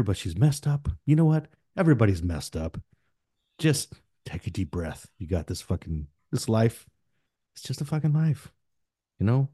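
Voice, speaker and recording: A man hosting a podcast in casual chat, rambling through profane shout-outs. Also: medium pitch, no echo, studio quality. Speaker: podcast host.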